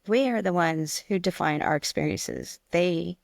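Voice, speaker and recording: Brief: woman co-host, chatty storyteller, mid pitch leaning low, dry close mic. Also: a little slow, creaky, no echo. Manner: chatty, animated storytelling with acted-out quotes. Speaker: podcast co-host, stained glass teacher. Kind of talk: casual chat.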